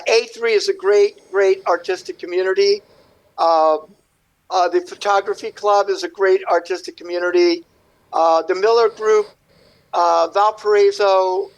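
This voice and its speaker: Heard in a rough recording, a guest artist speaks on a radio interview in a smooth, notably high male voice. He rambles animatedly through his tale, acting out brief voices for its characters.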